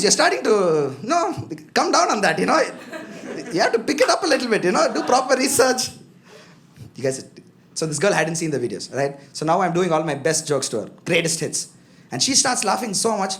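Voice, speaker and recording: A young man performing a stand-up comedy set, chatty and self-mocking, often talking straight to the crowd. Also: high voice. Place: comedy club stage with a live audience. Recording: live club with loud crowd laughter. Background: audience laughter.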